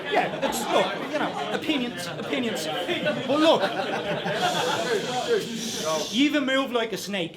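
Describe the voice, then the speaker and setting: A young man from Dublin with a Dublin accent, delivering a cutting, sarcastic rap battle verse at a live event. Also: sits high. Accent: Irish, Dublin. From Dublin, Ireland. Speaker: battle rapper. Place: large hall with a live crowd. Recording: live crowd noise behind.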